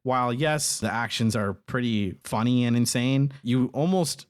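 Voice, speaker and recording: Agreeable man in mid pitch. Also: clean tone, dry recording, clean studio sound. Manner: agreeable, short interjections, measured points. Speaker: podcast co-host. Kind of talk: casual chat.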